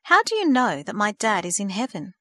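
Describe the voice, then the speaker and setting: A woman's voice: medium pitch, very animated, fairly quick, sharp tone, dry recording, clean studio sound. A woman voicing an earnest teenage girl of almost sixteen who keeps asking questions, in a storybook reading.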